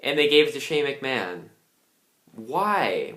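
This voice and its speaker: A man's voice: medium pitch, sing-song, slow pace, bright, forceful tone. Angry young man ranting in a roomy echo. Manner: angry, ranting, swears a lot. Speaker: wrestling reviewer. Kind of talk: casual ranting review.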